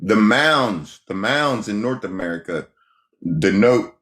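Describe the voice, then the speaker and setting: A man hosting a livestream in a loose, off-the-cuff monologue. He talks emphatically, repeating his points and throwing rhetorical questions at the chat, with a lively, swooping pitch. The sound is echoey, as if from a bare room. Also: slow pace. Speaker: livestream host.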